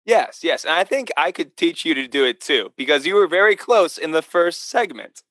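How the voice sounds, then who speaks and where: A man's voice: on the high side, lively intonation, normal speed, a bit bright, no room sound. A man, a priest, co-hosting a podcast in casual chat, teasing and encouraging. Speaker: priest co-host.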